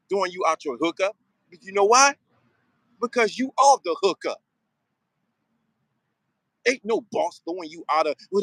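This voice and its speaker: Male host, motivational rant, repeats himself for emphasis, higher voice, dead-dry sound. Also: fairly bright tone, no room sound, low-quality recording. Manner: preachy, emphatic, street slang, repeats phrases. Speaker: show host. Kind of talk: motivational monologue.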